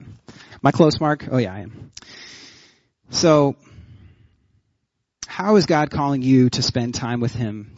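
Man, pastor preaching, animated storyteller, dry close sound, slightly dull lo-fi. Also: medium pitch, no room sound. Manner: animated storytelling, laughs often. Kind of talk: sermon.

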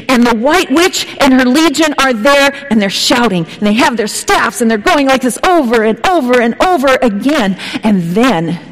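Woman preaching in a reverberant hall. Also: medium pitch. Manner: dramatic storytelling, dropping at times to a hushed whisper. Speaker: pastor. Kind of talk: sermon.

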